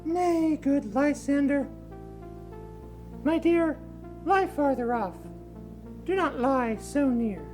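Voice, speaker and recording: Woman doing a modest young girlfriend, super high voice, slow and firm. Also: a little mellow, soft background music. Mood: prim. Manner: prim, then frantic. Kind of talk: amateur Shakespeare reading.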